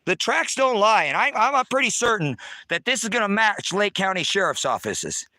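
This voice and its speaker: A man's voice: sits high, sing-song, moderate pace, pushed and bright, no echo. A man who hosts an online ministry, ranting and cursing outdoors on his rural property, recorded on a handheld phone camera. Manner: heated, cursing, repetitive. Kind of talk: angry profane outdoor rant to viewers.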